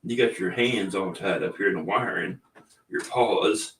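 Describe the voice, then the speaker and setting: A man's voice: on the low side, measured pace, fairly bright tone, recorded from a distance, slight background noise. A man hosting a casual livestream chat, easygoing and rambling, often chuckling. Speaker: livestream host. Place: indoors, room with cabinets. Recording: echoey room, away from the mic.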